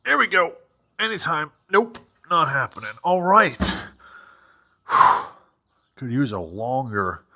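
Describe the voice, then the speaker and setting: A man's voice: medium pitch, sharp tone. A man from New Hampshire giving casual running commentary while working on an old vehicle, rambling into joking, self-deprecating asides.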